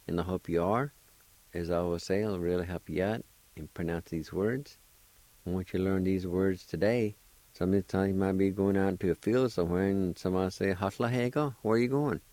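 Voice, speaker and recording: A man's voice: sits low, mellow, dry recording. An older man with a Cherokee-speaking Oklahoma accent, patiently teaching vocabulary on a radio show, spelling and repeating each word syllable by syllable. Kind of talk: slow spelled-out language lesson.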